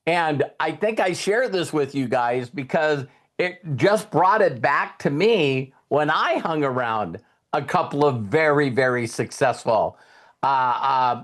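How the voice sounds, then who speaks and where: Man, slightly high-pitched, live session host, casual motivational talk, chatty storyteller. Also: lively intonation, a little slow, a bit bright. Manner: chatty storyteller who speaks straight to the audience.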